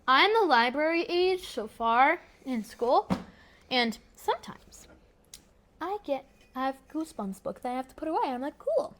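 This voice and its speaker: A young woman co-hosting, joking and giggly, animated in her telling. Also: high-pitched, normal speed. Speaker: co-host, daughter.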